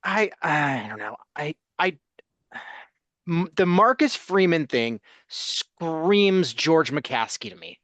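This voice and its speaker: A man co-hosting a sports talk podcast, speaking bluntly and casually, listing names in a steady run. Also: fairly high pitch, slow, dry recording.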